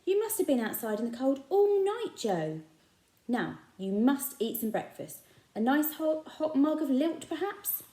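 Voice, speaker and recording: A woman voicing a kindly, eccentric adult male shopkeeper with a gentle, earnest manner. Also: high voice, very animated, a little slow, voice pushed up. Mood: coaxing. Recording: echoey room.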